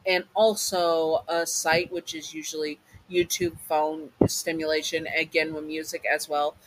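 A man reading a fan fiction comfort story aloud in a casual way, halting often to restart and apologize. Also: fairly high pitch, level tone, low-quality recording.

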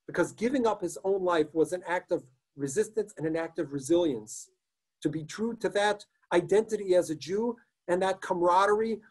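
Earnest rabbi with a husky, mellow voice. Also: male voice, high-pitched, low-quality recording. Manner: earnest, emphatic storytelling. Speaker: rabbi lecturer. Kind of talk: online lecture with story reading.

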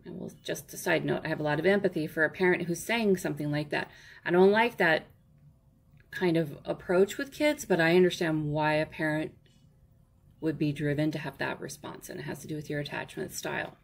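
A woman's voice: low voice, fairly quick, creaky. A woman walking through a parenting workbook in a casual teaching manner, often checking in with "okay?" and correcting herself as she goes.

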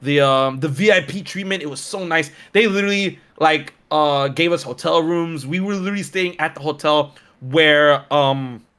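A young man telling a story in a casual chat, excitable and slangy, with many restarts. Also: a little high, moderate pace, hardly any pauses, clean tone.

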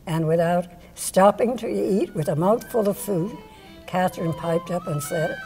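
A woman telling stories about an old friend in a slow, measured way. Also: fairly low pitch, darkish tone, faint music behind, poor audio. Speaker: interviewee recalling a friend. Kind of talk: anecdotal storytelling.

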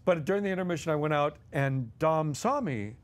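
A man's voice: a little high, a little fast. A man guest co-hosting a podcast, telling anecdotes animatedly and chuckling as he goes. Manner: animated, chuckles while telling stories, acts out voices. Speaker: guest co-host.

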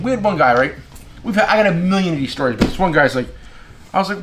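A man hosting a casual tool shop video, telling stories in an animated, exasperated way and repeating himself. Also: on the high side, fast, background noise. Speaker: tool shop owner and channel host. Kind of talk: casual storytelling rant to camera.

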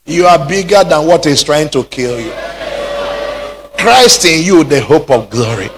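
A man preaching a sermon, rising into shouted peaks. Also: a little high, animated, unhurried, a little hiss or hum. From Nigeria. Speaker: pastor.

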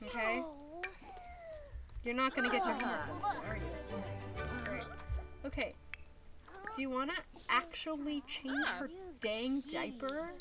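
A young woman streams a life-sim game, giving casual gameplay commentary and scolding her characters in exasperation. Her voice is high, and she speaks unhurriedly with long pauses. Loud music plays behind her.

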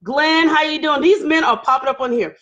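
A woman's voice: high voice, fairly quick, a bit bright, highs cut off. A woman hosting a casual live-stream chat, greeting viewers by name and laughing often as she talks. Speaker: livestream host.

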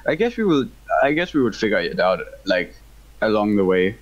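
A young man from Denmark with a Danish accent, chatting and laughing excitably while playing a co-op game with a friend. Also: lowish voice, normal speed, dull audio. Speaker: gamer playing co-op. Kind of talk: casual gaming chat.

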